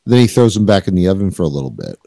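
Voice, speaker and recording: Man, deep mellow voice, lively pitch, dry close sound, halting chat. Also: vocal fry, no echo. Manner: halting, restarts often. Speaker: podcast co-host. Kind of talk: casual chat.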